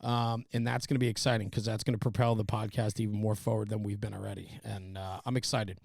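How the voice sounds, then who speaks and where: A man's voice: fairly low pitch, flat delivery, quick pace, creaky, darkish tone, dry recording, clean studio sound. A man hosting a podcast, chatting casually and rambling with lots of fillers. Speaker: podcast host.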